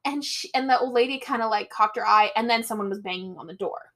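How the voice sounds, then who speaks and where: A woman with a fairly high voice chats casually as a podcast co-host. She retells scenes with lots of energy, slips into voices for quotes and swears freely. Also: fast. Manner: animated, acts out quotes in shifting voices; swears freely, laughs often. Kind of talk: casual chat.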